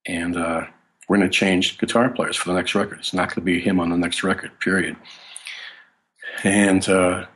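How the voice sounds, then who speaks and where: Speaking as a guest bassist in a casual interview, a man with a very low, deep, slightly bright voice rambles from one anecdote to the next. His tone stays steady and his pace moderate, though he keeps stopping and restarting his sentences.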